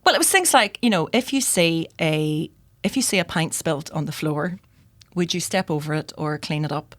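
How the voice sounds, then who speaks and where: A woman telling stories in a casual podcast chat, lively and acting out the people she quotes. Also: deep voice, moderate pace, no echo. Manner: lively storyteller, acts out quoted voices.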